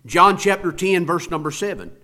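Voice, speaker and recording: A man's voice: high-pitched, lively intonation, moderate pace, sharp tone. A man preaching a sermon with an emphatic, rising and falling preaching cadence.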